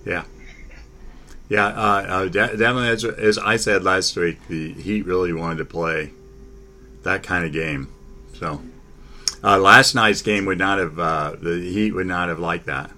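Deep-voiced man in halting sports chat. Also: steady tone, sharp tone. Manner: halting, many fillers and restarts. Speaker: sports talk host.

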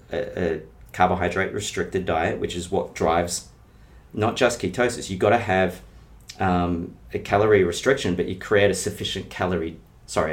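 Man, middle-aged, lowish voice, emphatic coach, conversational interview. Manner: emphatic, explains with analogies and stories. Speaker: health and weight-loss coach. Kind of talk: casual podcast interview.

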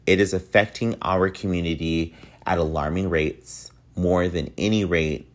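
A man with a low voice hosts his podcast in a loose, chatty manner. His tone is nasal and a little whiny, and he talks earnestly and repeats himself. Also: fairly even intonation, a little slow. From United States. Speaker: podcast host. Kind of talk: casual podcast outro.

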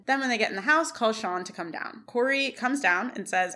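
A woman co-hosting a podcast, casually recapping scenes and reading dialogue aloud in a brisk retelling. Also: medium pitch, bright, forceful tone. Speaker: podcast co-host.

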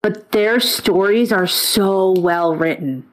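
Woman, casual chat, excitable, chatty, swears, middle pitch. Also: slow.

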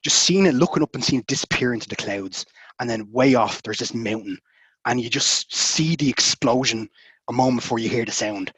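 A quick, husky-voiced Irish man talking as a guest on a podcast. He rambles cheerfully and leans on fillers like "kind of" and "you know". The recording is dry and close, with no room sound. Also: medium pitch, a bit bright, no room sound. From Ireland. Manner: chatty, rambling, heavy use of fillers. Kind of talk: casual interview chat.

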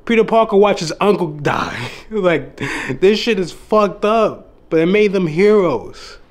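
Talking a little slowly in a high voice with lively intonation, a young man who makes dating and self-improvement videos on YouTube addresses his viewers on camera with a casual, sincere motivational talk. He cusses freely, calls the listener bro, and at moments grows emotional.

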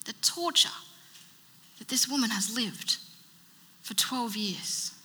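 A woman's voice: fairly high pitch, takes it slowly, sharp tone, breathy edge. A woman preacher giving a sermon in an emphatic style, building her points through rhythmic repetition. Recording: long reverb of a large hall.

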